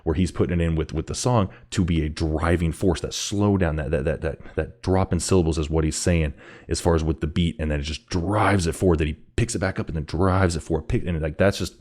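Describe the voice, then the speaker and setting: A man hosting a music reaction video, talking casually with lots of restarts and repeated words, climbing higher whenever something thrills him. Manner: excited, halting, repeats words, rises in pitch when thrilled.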